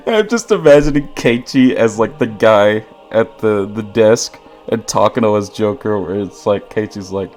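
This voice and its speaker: A man's voice: fairly low pitch, a little slow, few pauses, a little mellow, faint music behind. A man streaming a story game, reading the text aloud between frequent laughs and joking banter with chat.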